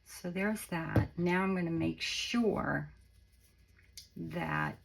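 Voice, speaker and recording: A woman with a low, deeply gravelly and croaky voice talks through a paper-craft tutorial in an easygoing, rambling way. She wanders off mid-sentence and corrects herself, like someone showing a friend how it's done. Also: drawn-out words, low-quality recording. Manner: chatty, meandering, self-correcting. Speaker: craft channel host.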